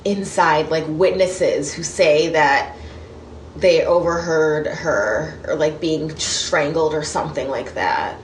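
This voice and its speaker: A woman's voice: low voice, takes it slowly. A woman co-hosting a podcast in casual, playful and teasing chat. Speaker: podcast co-host. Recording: roomy echo, faint background noise.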